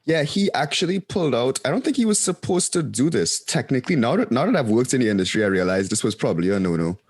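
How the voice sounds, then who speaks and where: A man appearing as a podcast guest, telling a story in a quick, animated way with frequent ums. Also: mid-range voice, slightly rough, dry recording. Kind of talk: casual storytelling.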